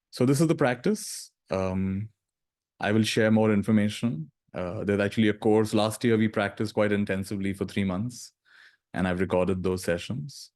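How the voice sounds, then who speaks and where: A man guiding a meditation session with a somewhat low voice. He speaks gently, in an easy, conversational way, and lets long pauses hang between slow phrases. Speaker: meditation teacher. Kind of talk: guided meditation talk.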